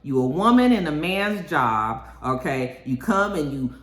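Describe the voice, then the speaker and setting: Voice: medium pitch, expressive, measured pace, a bit bright. A vlogger playing an aggrieved male crime boss who pleads and scolds. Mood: indignant. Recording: echoey room.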